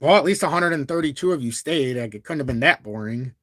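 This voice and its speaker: A man's voice: fairly high pitch, quick pace, no room sound, studio quality. Talkative man hosting a crypto livestream. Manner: talkative and blunt, reads super chats aloud; calm, even-toned delivery even when annoyed. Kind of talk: live-stream market commentary.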